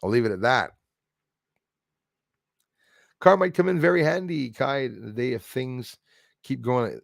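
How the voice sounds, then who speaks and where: A man with a French Canadian accent chats loosely on a livestream, reading out viewer comments and drifting between thoughts. He chuckles often, and his voice jumps suddenly from mutters to loud bursts. His voice sits at an ordinary middle pitch, recorded close and dry with no room sound. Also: measured pace, creaky, no room sound. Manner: rambling, chuckling, jumps loudly between topics. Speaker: livestream host.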